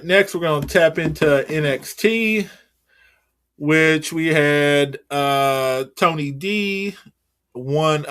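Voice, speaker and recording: A man's voice: mid-range voice, fairly bright tone. A man co-hosting a casual wrestling recap podcast, loose and rambling, swearing offhandedly as he runs through results. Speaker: podcast co-host.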